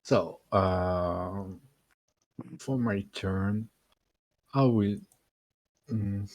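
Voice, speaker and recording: A man taking his turn in an online tabletop game, talking haltingly with many pauses. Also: lowish voice, darkish tone. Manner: halting, full of uh fillers. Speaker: player.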